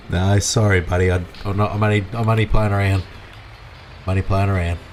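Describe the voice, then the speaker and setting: A man's voice: on the low side, moderate pace, a little hiss or hum. Chatty Australian man streaming a game. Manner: chatty, rambling, talks to chat viewers. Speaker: livestream gamer. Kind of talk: casual live gameplay commentary.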